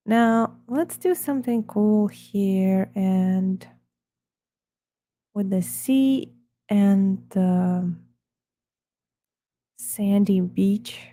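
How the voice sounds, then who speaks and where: A woman talks slowly and loosely to herself while she works on a live stream, drifting between murmured asides and rambling chat. Her voice is mellow and dark, close to the mic in a dry, dead room. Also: mid-range voice, no echo.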